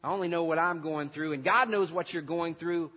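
A man's voice: a little high, fairly quick, bright, forceful tone. A male pastor preaching a sermon, playful in his storytelling and earnest in his exhortation, in a church hall. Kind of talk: sermon with a comic skit. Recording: long reverb of a large church hall.

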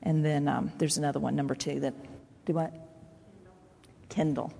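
A woman pastor preaching a sermon in a conversational, animated way. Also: low-pitched, normal speed, vocal fry, breathy edge. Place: church sanctuary. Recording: long hall reverb.

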